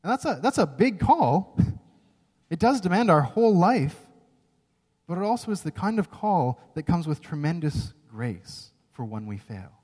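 A man's voice: a little high, sing-song, normal speed, a little mellow, breathy edge. Earnest preacher man in a reverberant hall. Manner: earnest, emphatic, with frequent "right?" asides. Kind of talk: sermon. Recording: long reverb of a large hall.

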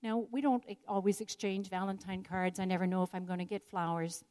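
A woman's voice: mid-range voice, fairly even intonation, a little fast, a little mellow, clean tone. An older woman telling a personal story in an earnest, reflective devotional talk. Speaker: speaker sharing a personal story.

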